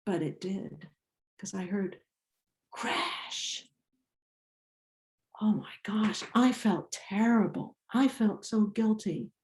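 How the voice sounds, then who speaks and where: An older woman from Iceland with an Icelandic accent, telling a personal story in a slow, deliberate way with small restarts. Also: mid-range voice, darkish tone, reverberant. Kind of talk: personal story told to an audience.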